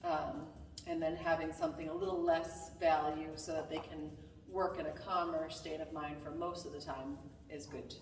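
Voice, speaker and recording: A calm woman dog trainer talks through a lesson in a low, easy voice, softly praising her dog as she goes. She is recorded from across a bare, echoey room with a long reverb tail. A steady hiss of noise sits under her voice. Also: moderate pace, far from the mic. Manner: calm, soft-spoken, praises the dog often. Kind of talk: casual instructional talk. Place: indoors at home with a dog.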